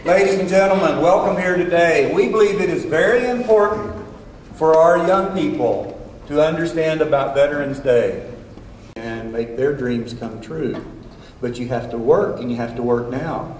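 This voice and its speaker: A man's voice: mid-range voice, darkish tone, slight background noise. A school principal addressing an assembly, telling folksy stories and repeating his points for emphasis. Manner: folksy storytelling, emphatic repetition. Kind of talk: assembly speech. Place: large school assembly hall. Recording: echoey hall from far off.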